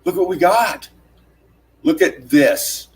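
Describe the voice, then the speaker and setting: Excitable, cursing man pointing things out. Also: a little hiss or hum. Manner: urgent, profane, repeats "look at this" constantly; rapid emphatic pointing words like "bam" and "boom". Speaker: channel host narrating screen footage. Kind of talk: excited on-screen analysis commentary.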